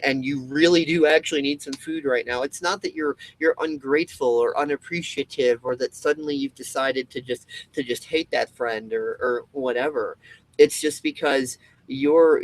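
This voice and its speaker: A man's voice: medium pitch, dry recording, rough recording. A man talking to camera in a casual monologue, rambling with many restarts and swearing freely. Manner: acts out quoted people. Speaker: video host.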